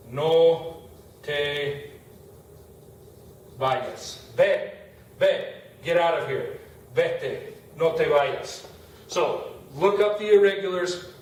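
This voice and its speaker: A middle-aged man teaching Spanish grammar in a classroom, talking casually as he writes on the board. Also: a little high. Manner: casual, talks while writing on a board. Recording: echoey room, far from the mic, faint noise.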